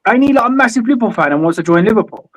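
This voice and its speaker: A man's voice: high-pitched, lively intonation, very fast. A man co-hosting a football fan stream, teasing the others and swearing freely. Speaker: co-host. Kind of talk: casual fan podcast banter.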